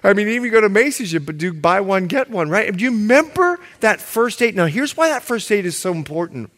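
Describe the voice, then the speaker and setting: Pastor, male, high-ish voice, very expressive delivery, playful loud-to-hushed swings. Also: a little fast. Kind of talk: sermon.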